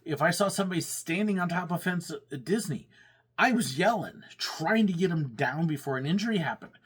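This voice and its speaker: A man's voice: fairly high pitch, expressive, fairly quick, fairly bright tone, slightly rough. A man who once worked as a pastor and at theme parks, telling stories casually with frequent laughs and acted-out complaints. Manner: chatty, laughs often, acts out quoted complaints. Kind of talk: casual storytelling monologue.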